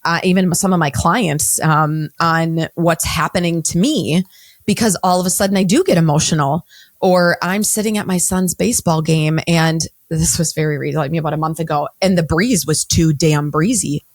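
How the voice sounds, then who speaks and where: Blunt woman in her 40s, fast bursts, lots of restarts, kinda low voice, dry close mic. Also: dry recording. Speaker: guest, mental health counselor. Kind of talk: candid interview conversation.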